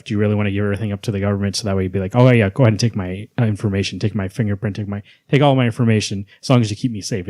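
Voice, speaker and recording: A podcast co-host talks rapidly and animatedly about comic book movies, acting out quotes along the way. His voice is lowish, and the recording is dry with clean studio sound.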